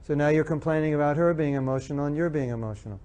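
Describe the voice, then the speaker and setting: Racing through his words in a mellow, fairly high voice, a man earnestly lectures an audience on marriage. The spiritual talk includes audience questions, and he reiterates his main points while acting out spouses' remarks.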